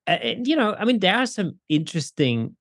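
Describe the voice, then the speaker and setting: A man's voice: high-pitched, very animated, fairly quick, fairly bright tone, no room sound, clean studio sound. A man in his forties in a casual podcast conversation, talking in a reflective, rambling way with many fillers.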